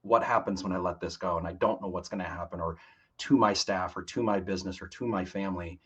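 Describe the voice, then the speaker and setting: A man's voice: sits low, steady tone, quick pace, slightly rough. A man, a financial planner, explaining things steadily as a podcast guest. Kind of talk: podcast interview.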